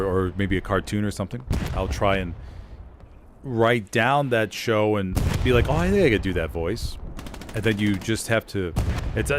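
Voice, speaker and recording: A man with a fairly low voice talks casually into his streaming mic, rambling and chuckling at himself. Loud game gunfire and artillery rumble behind him. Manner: rambling, chatty, laughs at himself. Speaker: streamer and voice actor. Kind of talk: casual chat while streaming a shooter game.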